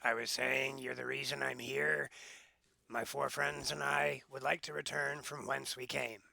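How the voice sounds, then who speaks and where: A man's voice: medium pitch, level tone, measured pace, creaky, sharp tone. A man playing his character in a tabletop game, blunt and defiant. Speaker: player. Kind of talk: in-character tabletop role-play.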